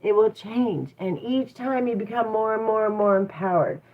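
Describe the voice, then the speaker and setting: A woman's voice: mid-range voice, moderate pace. A woman hosting a casual motivational talk, encouraging listeners and asking them rhetorical questions. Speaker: host. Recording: tinny phone-like sound.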